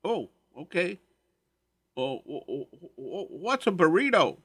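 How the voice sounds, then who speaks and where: A man's voice: a little high, very animated, slow pace, a bit bright, breathy edge, heavily acted. A man voicing a bewildered middle-aged Cajun man with a Cajun accent who stammers through his questions. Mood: puzzled. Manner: stammering, plainspoken.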